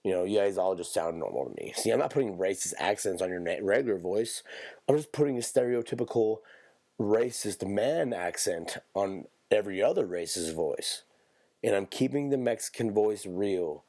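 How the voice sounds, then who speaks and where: A man's voice: fairly low pitch, normal speed, darkish tone, no echo. A man hosting a podcast, talking in a rambling, profane, off-the-cuff comedic monologue. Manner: rambling, profane, self-interrupting. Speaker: podcast host.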